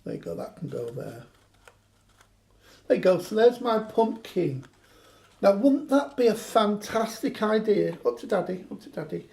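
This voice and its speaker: Guy doing a craft demo, really gravelly and dark, jokey, teases himself. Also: sits high. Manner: joking, self-mocking banter. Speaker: craft demonstrator. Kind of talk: chatty craft demonstration.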